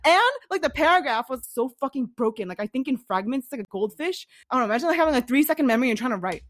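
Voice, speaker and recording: Young woman talking really fast, kinda high voice, swears a lot, casual podcast chat. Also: animated, no room sound, studio quality. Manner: rapid, profane storytelling. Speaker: podcast co-host.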